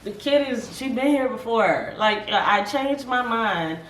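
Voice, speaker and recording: A woman's voice: fairly high pitch, unhurried. Tired woman co-host chatting casually. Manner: animated, laughing, full of fillers. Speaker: podcast co-host. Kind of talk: casual chat. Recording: echoey room, from a distance, faint noise.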